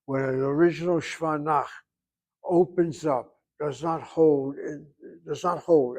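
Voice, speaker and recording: Higher-voiced man teaching Hebrew grammar. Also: fairly even intonation, a little mellow. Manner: slow, explaining, drawn-out pronunciations. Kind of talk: classroom grammar lesson.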